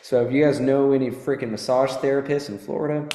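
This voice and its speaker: A man giving a casual, animated motivational talk to an audience, swearing and joking as he tells a fable. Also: medium pitch, fast talker, slight background noise. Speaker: motivational teacher. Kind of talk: live motivational talk with storytelling. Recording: echoey hall.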